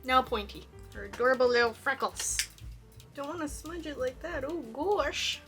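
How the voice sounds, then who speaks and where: Brief: young woman, bright-voiced cosplay vlogger, chatty and self-deprecating, faint music underneath. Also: high-pitched, lively intonation, moderate pace. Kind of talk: casual tutorial narration.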